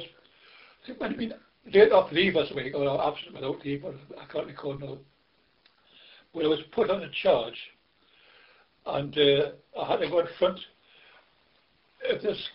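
An older man from Britain looks back on his army service for an interviewer. His voice sits a little high, and he rambles in halting bursts, leaning on "you know". The recording is dull and lo-fi. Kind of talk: oral history interview.

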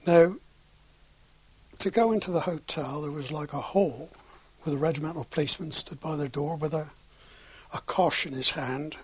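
A man's voice: fairly high pitch, normal speed, long pauses, husky. An older man telling a wartime anecdote in an oral history interview, acting out the dialogue with a chuckle now and then. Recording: dull lo-fi recording.

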